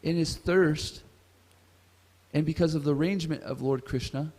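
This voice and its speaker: Male class speaker, somewhat high voice, storytelling scripture class, long hall reverb. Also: moderate pace, darkish tone. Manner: asks the audience questions. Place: temple hall.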